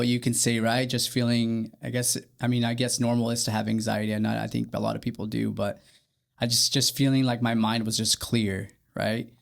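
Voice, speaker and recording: A young man co-hosting a faith podcast, talking earnestly and haltingly with many fillers. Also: mid-range voice, creaky. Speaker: podcast co-host. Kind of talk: candid faith podcast chat.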